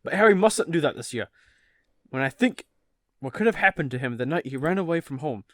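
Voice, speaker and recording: A man's voice: fairly high pitch, expressive, a little fast, no echo, lightly acted. A man reading as Arthur Weasley, worried wizard dad. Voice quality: fumbling British accent drifting Irish-Scottish. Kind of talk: casual podcast table read.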